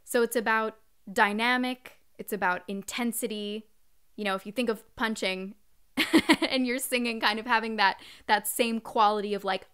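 A woman's voice: mid-range voice, fairly bright tone, smooth. A young adult woman vocal coach, chatting through a live-streamed singing lesson and singing short phrases to demonstrate.

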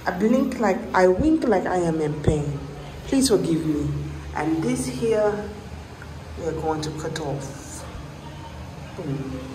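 Woman doing a haughty prim lady, formal French-flavored phrasing, slow delivery, background noise. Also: on the low side, lively intonation. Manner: stiff, formal wording with a French flourish. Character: prim, theatrical woman giving a formal home tour. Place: rented apartment indoors.

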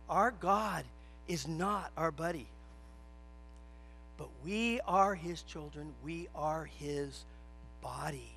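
A man's voice: a little high, slow, creaky, pauses often, fairly bright tone, soft background music. A man preaching a sermon in a church, stressing his points with repetition and telling a joke story. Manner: emphatic, repeats key phrases.

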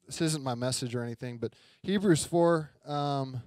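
A man's voice: medium pitch, moderate pace, darkish tone, dry recording. A young adult man preaching a sermon, telling a story in a chatty way and often asking the congregation questions. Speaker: pastor. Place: church sanctuary.

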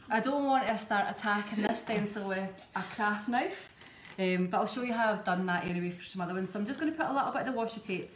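A woman's voice: medium pitch, fast talker, hardly any pauses, slight background noise. A woman with a Scottish accent, chatting her way step by step through a live cake-decorating demonstration. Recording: echoey room, faint background ambience.

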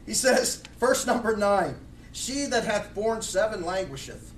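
A man's voice: sits high, expressive, measured pace, a little hiss or hum. A middle-aged man preaching a blunt, fiery sermon with many restarts. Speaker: pastor. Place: church sanctuary. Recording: echoey room, mic far off.

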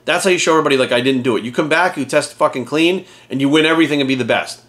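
Profane ranting man, higher voice. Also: racing, fairly bright tone. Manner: profane, blunt, exasperated ranting. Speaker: fitness coach. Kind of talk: ranting commentary to camera.

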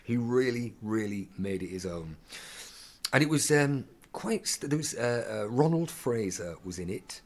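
A man, an actor guest, telling animated anecdotes in an interview, stumbling and restarting often. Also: medium pitch. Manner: animated, halting with many restarts, acts out voices in quotes.

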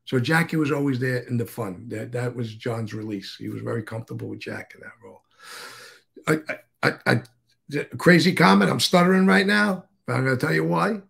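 Gravelly-voiced man telling stories. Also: mid-range voice, fast talker, hardly any pauses, fairly bright tone. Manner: rambling, swears freely, restarts mid-sentence. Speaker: guest. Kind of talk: casual storytelling interview.

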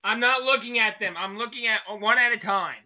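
A man playing a card game with friends, loud and excitable as he reads out cards. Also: sits high, brisk, muffled recording, crowd noise. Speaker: player. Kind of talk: casual gaming banter.

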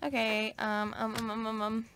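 A woman's voice: on the high side, completely flat delivery, normal speed, a bit bright, a little hiss or hum. A woman giving casual, self-mocking commentary while playing a game, often mumbling to herself. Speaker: let's play gamer.

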